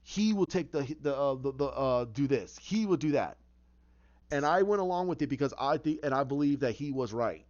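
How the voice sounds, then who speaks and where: A man's voice: medium pitch, lively intonation, normal speed, darkish tone, muffled recording, natural voice. A man voicing a weary, middle-aged male police chief speaking earnestly and plainly.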